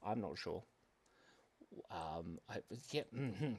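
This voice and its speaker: In a slightly high, sing-song voice at normal speed, a man hosts a drawing livestream for kids. He chats casually and playfully, wandering off on tangents and poking fun at himself.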